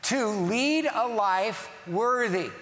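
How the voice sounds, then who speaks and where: A man's voice: sits high, lively intonation, very slow, fairly bright tone, long reverb tail. A man preaching as pastor, emphatic, repeating key phrases and putting questions to the congregation. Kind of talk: sermon.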